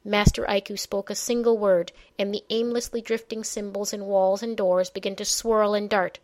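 A woman narrating a fantasy audiobook in a measured, even storytelling manner. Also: medium pitch.

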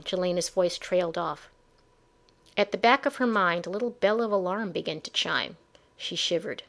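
A woman reading a storybook chapter aloud in an expressive, measured way. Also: fairly low pitch, gravelly. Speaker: audiobook narrator. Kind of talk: storybook narration.

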